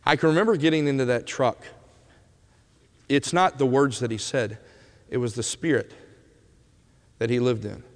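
A man preaching a sermon as an animated storyteller who swings from loud bursts to hushed moments, in a church sanctuary. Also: mid-range voice, normal speed, long pauses, in a large hall.

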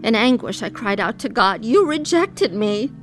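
A woman's voice: a little high, very animated, normal speed, faint music behind. An actress playing a middle-aged wife who narrates her own story in a radio drama, earnest and heavy with pain. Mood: reflective. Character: weary wife recalling her troubled past. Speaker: narrator and lead character.

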